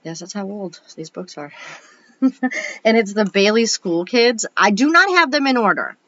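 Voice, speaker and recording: A woman's voice: medium pitch, animated, normal speed, bright, forceful tone, no echo, dull audio. A woman reading a children's chapter book aloud as a bedtime story, casual and chatty, who stumbles over words and corrects herself as she goes. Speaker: storybook reader.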